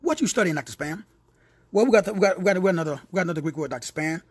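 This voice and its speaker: Speaking in a high, husky voice at a racing pace, a man leads a word study like a preacher. His animated delivery repeats phrases, names individual listeners, and drifts into teasing, playful asides.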